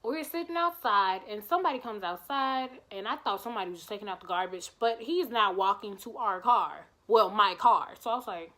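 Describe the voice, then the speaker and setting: A woman vlogger telling a storytime tale in an animated, chatty, profane way. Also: medium pitch, brisk, few pauses. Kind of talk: storytime vlog.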